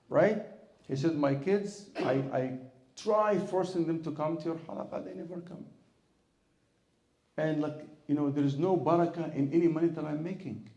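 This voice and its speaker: Egyptian-born imam man telling a story in a sermon, gravelly, pushes up loud for the quran bits. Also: on the high side, moderate pace, echoey room, rough recording. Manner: storytelling, rhetorical questions, chants Quranic Arabic in a raised voice. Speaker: imam and Islamic lecturer. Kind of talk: sermon-style Q&A talk.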